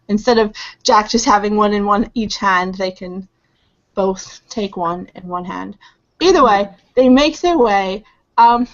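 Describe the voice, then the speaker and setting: A woman narrating a tabletop game as game master, describing scenes vividly and mimicking sounds. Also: medium pitch. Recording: dull lo-fi recording.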